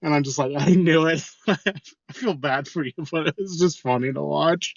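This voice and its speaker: A man's voice: fairly high pitch, normal speed, gravelly, no room sound, highs cut off. A man co-hosting a podcast, telling a crude work story in casual chat, swearing freely. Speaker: podcast co-host.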